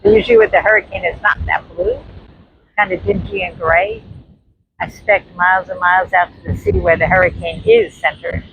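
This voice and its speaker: Gravelly New York woman vlogging on the beach. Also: lowish voice, steady tone, moderate pace, highs cut off. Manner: chatty, addresses viewers as friends. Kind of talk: casual walking vlog narration. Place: outdoors on a windy beach. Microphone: handheld phone camera. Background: faint surf and wind.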